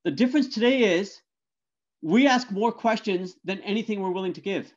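A middle-aged man gives a lecture talk, telling animated stories. He stumbles through restarts and keeps checking in with tag questions. His voice sits high for a man, and the audio is dull and lo-fi. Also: normal speed. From Canada. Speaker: guest speaker.

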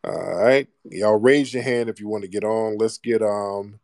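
A man's voice: fairly low pitch, steady tone, measured pace, vocal fry, few pauses, a little mellow, no echo, clean studio sound. A man hosting a live call-in talk space, talking in a blunt, profane and fired-up way. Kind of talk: heated call-in talk show.

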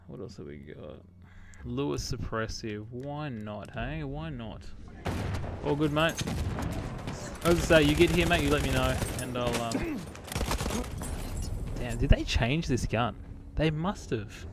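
Gunfire and explosions from a shooter game ring out clearly behind an Australian streamer who chats easily with his audience, naming viewers as he greets them and calling everyone "mate." His medium-pitched voice is animated but a little slow, with frequent pauses.

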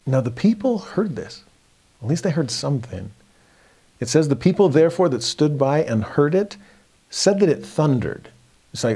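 A man teaching a verse-by-verse scripture study in a reflective, earnest way, dropping to soft emphasis on key points. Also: medium pitch, expressive, a little slow.

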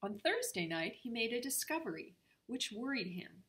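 An older woman, a grandmother, reading a storybook aloud to her grandchildren in a steady, clear way. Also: a little high, moderate pace.

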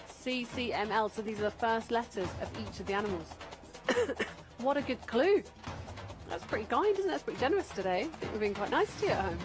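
A woman presenting a phone-in quiz show on TV, chatty, teasing and quick to giggle, talking straight to the viewers at home. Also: a little high. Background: background music.

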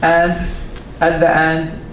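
Patient male classroom teacher, high voice, roomy mosque hall, faint rumble. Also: monotone, fairly bright tone, muffled recording. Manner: patient, repeats sounds slowly, asks the class questions. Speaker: Arabic teacher. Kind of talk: classroom lesson. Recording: echoey room with faint rumble.

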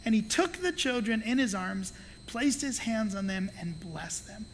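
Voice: medium pitch, unhurried, big-room sound. A pastor preaching a sermon, telling stories with energy and acting out the voices of the people in them, with playful asides. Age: adult with children. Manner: animated storytelling that acts out the voices of the people in the story. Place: church sanctuary.

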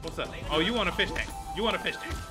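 Casting note: male gameplay streamer. Lively, swinging delivery, trash-talks and repeats lines, loud game music behind him. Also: high voice, fast. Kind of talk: casual gameplay commentary.

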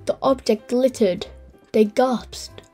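A woman hosting a channel and reading a children's story aloud in a gentle, clear way. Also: a little high, slow pace, faint music behind. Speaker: host and storyteller.

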